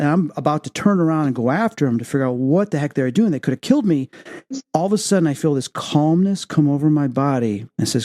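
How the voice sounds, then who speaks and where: A man hosting a talk radio show, telling personal stories in an animated way and acting out quoted speech. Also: on the high side, quick pace. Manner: animated storyteller, acts out quotes. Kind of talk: interview and personal storytelling.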